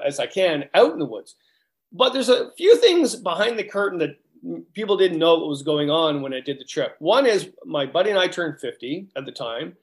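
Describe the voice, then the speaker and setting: Hyper rambling man in his 50s. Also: on the high side. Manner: hyper, rambling, animated, many restarts. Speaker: guest, outdoors guidebook author. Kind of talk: casual interview chat.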